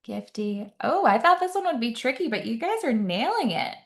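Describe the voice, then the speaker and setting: A woman's voice: fairly high pitch, very animated, moderate pace. Woman nurse educator on a webinar, chatty and upbeat, keeps asking the chat stuff, "right?" a lot. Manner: upbeat, quizzing the audience with frequent "right?". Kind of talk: live webinar teaching.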